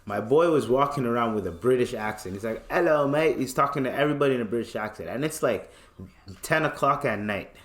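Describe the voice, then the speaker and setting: A man's voice: medium pitch, quick pace, fairly bright tone. A young man spins a casual podcast story in a middle-range voice. He is loose and profane, and he slips into quoted voices as he goes. The room gives his voice a noticeable echo. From Canada. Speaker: podcast host. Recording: roomy echo.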